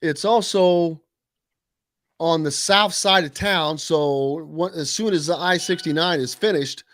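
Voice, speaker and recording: A man's voice: fairly high pitch, fairly bright tone. Chatty sports radio host man. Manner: quick, chatty, repeats agreements. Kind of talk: casual sports radio chat.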